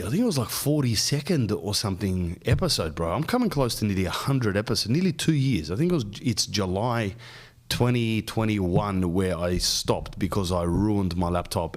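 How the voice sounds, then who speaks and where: A man, rambling and joking as a podcast host. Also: sits low. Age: 40s. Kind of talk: casual rambling monologue.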